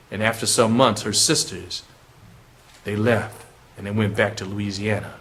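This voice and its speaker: A man from Compton telling a spooky tale aloud, dramatic and animated as he acts out each character. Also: fairly low pitch. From Compton, California. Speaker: storyteller. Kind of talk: oral storytelling of a spooky tale.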